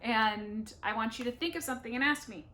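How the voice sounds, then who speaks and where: A young woman speech therapist talks on camera from her living room. Her fairly high voice slows right down to model each practice question, then she drops in playful, self-teasing asides. A faint hiss sits under the recording. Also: pushed and bright. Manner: slow, deliberate modeling of practice phrases.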